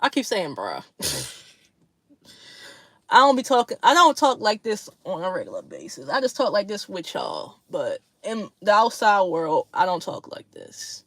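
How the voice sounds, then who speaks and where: A woman's voice: medium pitch, wildly swooping pitch, measured pace, fairly bright tone, husky, dry recording. A woman hosting a casual livestream chat with her viewers, blunt, slangy and profane, laughing often between remarks. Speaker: livestream host.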